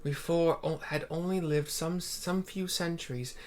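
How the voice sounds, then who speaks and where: A man's voice: fairly high pitch, fairly even intonation, pitched above the performer's own voice, natural voice. A man voicing an ancient female phoenix spirit, speaking solemnly about a lost love. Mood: grieving. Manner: solemn, measured storytelling.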